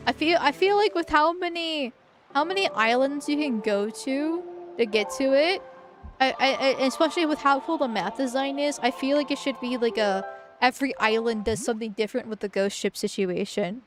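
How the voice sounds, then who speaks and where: Woman streamer, fairly high voice, loose rambling chat with restarts. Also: moderate pace, soft background music. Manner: rambling, with frequent restarts and fillers. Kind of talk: casual game-stream chat.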